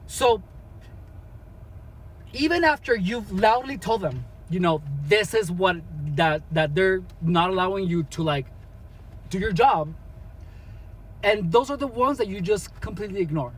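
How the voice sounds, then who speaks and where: A man's voice: high voice, expressive, unhurried, pauses often, slightly rough, low-quality recording. A man talking casually as a vlogger, giving advice in a rambling way with many restarts.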